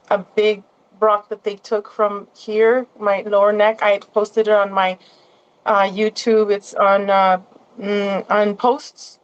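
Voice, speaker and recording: A woman's voice: medium pitch, smooth, dull audio. A woman as a guest in a casual interview, rambling along with many restarts and asides.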